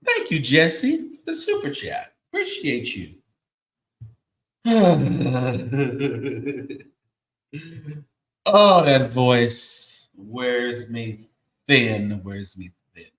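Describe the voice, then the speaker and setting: A man hosting a commentary show, talking in a sassy, animated way with sighs and laughing asides. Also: mid-range voice, extremely slow, long pauses, roomy sound. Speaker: show host.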